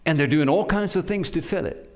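A man from Norway preaching a sermon, urging his listeners with animated delivery and frequent restarts. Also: on the high side, fairly quick.

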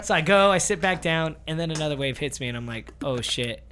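A young man telling a long story in casual, profane podcast chat, animated and slipping into quoted voices. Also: fairly high pitch, fast talker, slight background noise. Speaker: podcast host.

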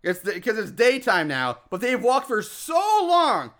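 A man with a fairly high voice talks casually on a podcast, recapping a movie with lots of swearing. He gets animated and laughs often as he goes. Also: a little slow. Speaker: podcast co-host recapping a film. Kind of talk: casual chat.

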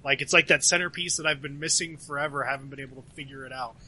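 A man's voice: mid-range voice, fairly even intonation, fast, sharp tone, breathy edge, low-quality recording. A man playing in a tabletop game, describing his character in a rambling way full of fillers. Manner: rambling, filler-heavy with many likes. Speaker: player.

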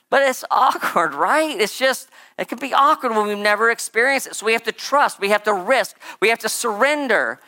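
A preacher giving a casual, conversational sermon, rambling and animated with lots of "like" and "right?" asides. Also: medium pitch, normal speed.

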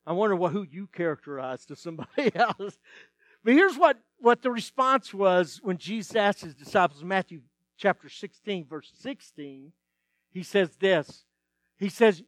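Guy pastor giving a sermon, kinda high voice, acts out the lines, dry sound. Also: no echo. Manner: animated storytelling, acts out dialogue.

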